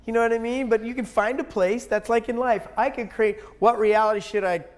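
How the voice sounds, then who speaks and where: A man's voice: very high voice, steady tone, fairly quick. A man talking as an interview guest, blunt and emphatic, swearing freely and rambling with many restarts. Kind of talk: casual conversational interview.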